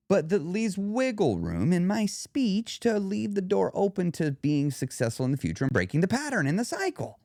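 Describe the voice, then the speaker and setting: A man hosting a weight loss podcast, coaching the listener directly in a lively monologue. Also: sits high, normal speed, no room sound, clean studio sound. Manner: animated, coaching, talks straight to the listener.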